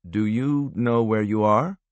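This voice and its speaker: A man voicing a calm, menacing male interrogator who speaks softly and slowly with quiet threat. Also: lowish voice, no echo, muffled recording, natural voice. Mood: calm menace. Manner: soft, slow, quietly threatening.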